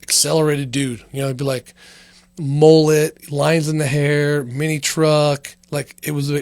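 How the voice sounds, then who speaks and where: A man's voice: on the high side, no echo. A man hosting a casual comedy podcast, rambling loosely with lots of fillers and swearing. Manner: rambling, profane, heavy on fillers. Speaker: podcast host.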